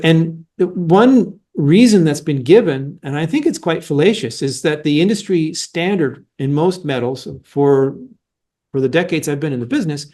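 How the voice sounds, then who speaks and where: A middle-aged man speaks as a market analyst in an interview, his voice sitting slightly high for a man. He argues his points emphatically and often restarts his sentences as he explains. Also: darkish tone. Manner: emphatic, argumentative, with frequent restarts. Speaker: mining analyst guest.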